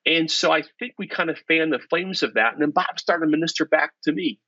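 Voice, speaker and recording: A middle-aged man, a professor and podcast guest, telling stories in an animated, self-deprecating way. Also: on the high side, a little fast, no echo. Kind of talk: storytelling in conversation. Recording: dull lo-fi podcast audio.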